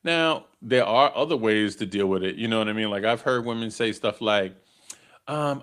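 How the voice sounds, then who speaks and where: A man's voice: lowish voice, normal speed, a bit bright. A middle-aged man, hosting a live dating podcast in a casual storytelling way and tagging his lines with "right?". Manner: conversational, tags lines with "right?", chuckles at own stories. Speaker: podcast host.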